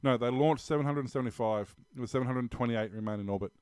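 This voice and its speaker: A man's voice: mid-range voice, quick pace, darkish tone, smooth, no echo, studio quality. An Australian man co-hosting a tech news podcast, talking casually with many ums and restarts. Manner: rambling, many ums and restarts, laughs often. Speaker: podcast co-host.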